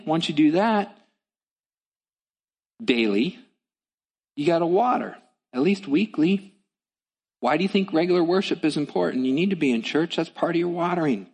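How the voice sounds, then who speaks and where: A man's voice: on the high side, darkish tone, breathy edge, big-room sound. A male pastor preaching a sermon in a church, with an emphatic, repetitive cadence.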